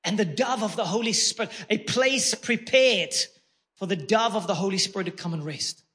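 A man's voice: high-pitched, normal speed, fairly bright tone. A man preaching a sermon with emphatic, repeated phrases and words he stretches out for weight. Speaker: pastor.

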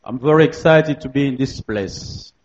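A man's voice: medium pitch, lo-fi sound. A young man from DR Congo, a native French speaker with a French accent, preaching as a guest in a church, repeating phrases and laughing often. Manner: slow, repetitive, laughing often. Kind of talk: sermon.

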